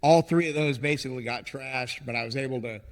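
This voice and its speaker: Man, gravelly voice, rambling storyteller, casual interview, long room reverb. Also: medium pitch, fairly quick. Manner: rambling, animated storyteller who acts out quotes. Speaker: ministry founder, podcast guest.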